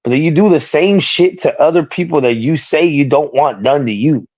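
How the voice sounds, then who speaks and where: A man's voice: a little high, moderate pace, darkish tone, dry recording. A man on a livestreamed boxing talk show, ranting profanely about a feud and raising his voice when he quotes others. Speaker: streamer co-host. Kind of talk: heated casual chat. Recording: dry, muffled stream audio.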